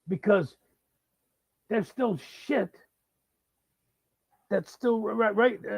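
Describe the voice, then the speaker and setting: A man with a fairly high voice rants through a political monologue, swearing constantly and turning sarcastic. The recording is dull and lo-fi, with a very dry, close sound and no room behind him. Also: expressive, a little slow, vocal fry, pauses often, darkish tone, breathy edge, no echo. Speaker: host of a live talk show.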